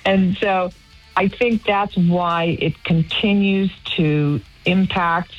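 Woman radio guest, low voice, animated storyteller, faint music underneath. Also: slow pace, highs cut off. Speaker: guest actress. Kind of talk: casual radio interview.

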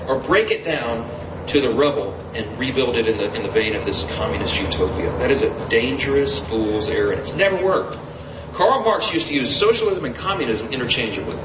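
A man giving an emphatic campaign stump speech at a political rally. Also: mid-range voice. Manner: emphatic, animated rally speaking. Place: campaign event. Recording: roomy, distant, dull, noisy rally audio.

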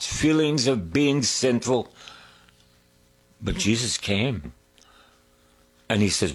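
A man preaching a sermon, drawing out his words, singing a hymn line and dropping to hushed whispers. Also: mid-range voice. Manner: slow, drawn-out preaching with sung lines and hushed whispers.

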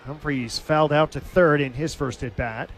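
A man calling a minor league baseball game on radio, telling a funny story between pitches and laughing at it. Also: steady tone, normal speed, slight background noise. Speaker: baseball play-by-play announcer.

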